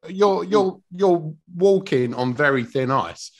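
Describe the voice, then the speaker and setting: A man's voice: a little high, expressive, takes it slowly, highs cut off, crowd noise. A man, a guest on a podcast, talking in a blunt, rambling way in casual chat.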